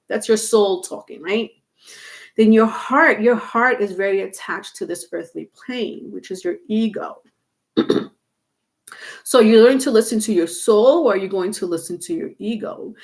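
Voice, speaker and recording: Halting, rambling woman reading tarot. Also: mid-range voice. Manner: rambling, halting, many fillers and restarts. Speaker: tarot reader. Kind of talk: casual livestream tarot reading.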